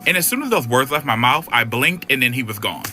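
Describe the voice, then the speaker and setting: Fast, bright, sassy male storyteller. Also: mid-range voice, animated, faint music behind. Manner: sassy, profane, dramatic retelling. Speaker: storyteller in a clip. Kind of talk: animated story time.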